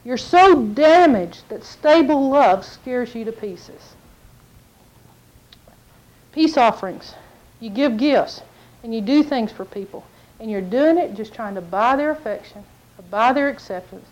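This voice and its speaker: High-voiced woman preaching. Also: measured pace, pauses often, highs cut off. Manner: animated storytelling, acts out quotes. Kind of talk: sermon.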